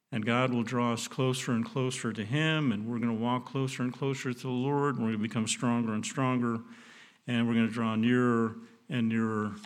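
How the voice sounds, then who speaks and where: A middle-aged man preaching a sermon in an earnest, folksy way, often restarting his phrases. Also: medium pitch. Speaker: pastor.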